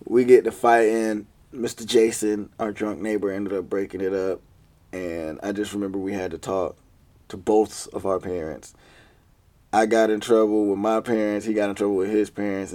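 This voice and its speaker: A man's voice: on the low side, darkish tone. A young man telling childhood stories in a casual, slangy way, often laughing as he goes. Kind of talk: casual storytelling.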